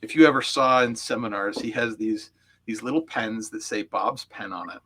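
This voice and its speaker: A man's voice: on the low side, moderate pace, a bit bright. A man, a coach, recounting personal memories as an interview guest, heartfelt and reflective, with frequent fillers. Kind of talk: storytelling in an interview.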